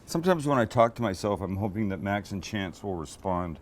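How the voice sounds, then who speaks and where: A man hosting a cooking show, walking through a recipe in a relaxed, joking way and bantering with the crew behind the camera. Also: fairly low pitch, fairly quick. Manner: chatty, joking, teases his crew. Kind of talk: casual cooking demonstration.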